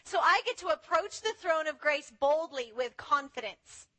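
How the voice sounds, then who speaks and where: High, bright-voiced woman preaching. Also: normal speed. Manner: animated, acts out quoted voices. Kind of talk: sermon.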